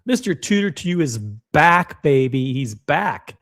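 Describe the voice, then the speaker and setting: A man with a slightly high, bright-ish voice speaks slowly, his pitch swinging widely. Hosting a casual livestream, he rambles to viewers and makes jokes at his own expense.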